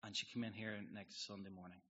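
Pastor guy preaching, husky voice, earnest and confessional, dull lo-fi sound. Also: lowish voice, flat delivery, fast talker, pushed and bright. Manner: earnest, confessional, asks the congregation questions. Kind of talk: sermon.

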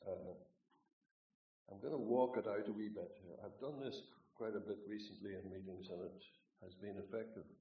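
A Northern Irish man preaches to a hall in a folksy, joking way, leaning hard on the scripture he reads. His voice sits fairly low and comes from well off the microphone, with a roomy, dull sound. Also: moderate pace, distant mic. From Northern Ireland. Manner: folksy and joking, emphatic when reading scripture. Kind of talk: sermon. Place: meeting hall, speaking away from the mic.

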